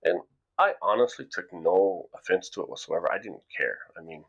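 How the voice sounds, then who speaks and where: A man's voice: deep voice, expressive, moderate pace, creaky, husky. A middle-aged man from the United States, telling a rambling story to camera in a casual vlog, often repeating words as he goes. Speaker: vlogger. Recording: dull lo-fi recording.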